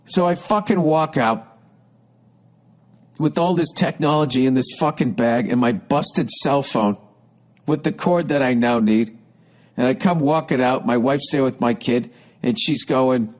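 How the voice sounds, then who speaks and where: A man's voice: medium pitch, moderate pace. A man in his fifties tells a comic story on his podcast. His delivery is an exasperated rant, full of swearing and frustration. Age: 50s. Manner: profane, exasperated, ranting. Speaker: podcast host.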